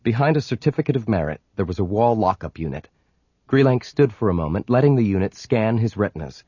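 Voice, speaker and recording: A man narrating an audiobook with measured, dramatic storytelling. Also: lowish voice, expressive, warm tone, slightly rough, no room sound, muffled recording. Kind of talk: scripted narration.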